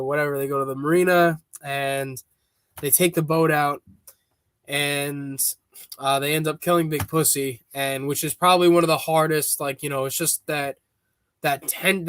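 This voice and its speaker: A man with a slightly raised voice talks casually as a podcast guest. He rambles, loops back over his words and builds up excitement. The sound is dry and close, with no room in it. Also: a little high, moderate pace, smooth, no room sound. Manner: rambling, restarts often, excitable. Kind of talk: casual chat.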